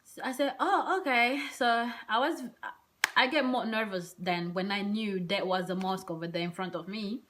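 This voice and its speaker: A woman vlogger telling a personal story in a casual, rambling way, full of hesitant fillers and soft whispered asides. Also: medium pitch, normal speed, background noise.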